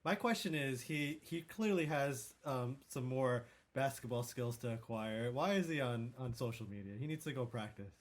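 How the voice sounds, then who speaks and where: A man's voice: mid-range voice, expressive, normal speed, few pauses. Laid-back joking man. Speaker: podcast co-host. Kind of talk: casual sports chat.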